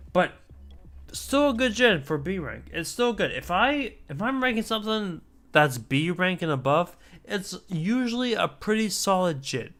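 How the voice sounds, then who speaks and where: A man's voice: high voice, fairly bright tone. A man streaming a casual chat, talking in a rambling, chatty way with asides and mild swearing.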